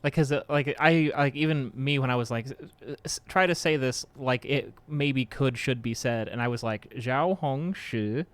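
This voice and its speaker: A man's voice: mid-range voice, normal speed, few pauses, clear, resonant tone. A man hosting a casual live stream, rambling with lots of fillers and joking about how words get pronounced. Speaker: podcast host streaming.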